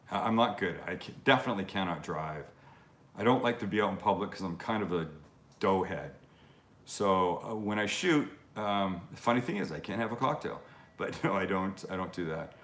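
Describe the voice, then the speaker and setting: A man's voice: fairly low pitch, fairly bright tone, roomy sound. A man hosting a casual live-stream Q&A from his home kitchen, rambling and swearing freely between viewer questions. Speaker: cooking show host.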